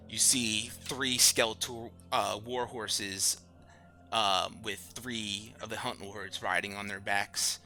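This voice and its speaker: A man running a tabletop game as dungeon master, narrating in an unhurried, lively way. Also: lowish voice. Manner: unhurried and lively, with fillers and restarts while he narrates.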